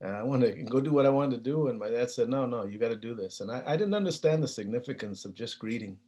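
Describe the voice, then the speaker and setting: A man's voice: lowish voice, a little mellow. A man giving a keynote talk, telling stories in a humble, conversational way, with frequent fillers and restarts. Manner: hesitant, with many fillers and restarts. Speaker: keynote speaker.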